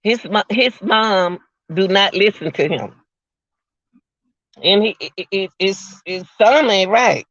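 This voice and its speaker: A man's voice: high voice, lively intonation, unhurried, fairly bright tone, no echo, dull audio. A man giving emotional, repetitive livestream commentary, talking straight to his viewers.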